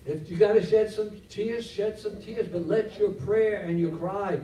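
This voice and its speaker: A man's voice: high-pitched, measured pace, slight background noise. Man preaching in an echoey church. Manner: animated preaching, acts out Bible scenes in voices. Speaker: pastor. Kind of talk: sermon. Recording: roomy echo, from a distance.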